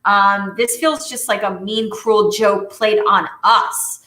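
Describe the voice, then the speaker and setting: A woman co-hosting a podcast, chatting casually in an animated, emphatic way. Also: medium pitch, slow pace, over a noisy crowd. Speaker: podcast co-host. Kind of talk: casual chat. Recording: roomy echo.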